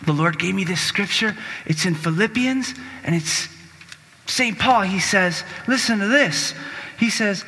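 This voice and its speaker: High, bright-voiced exuberant male preacher. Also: unhurried. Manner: exuberant, exclamatory, leads crowd chants. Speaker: Catholic preacher. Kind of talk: sermon with call-and-response. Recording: long reverb of a large hall.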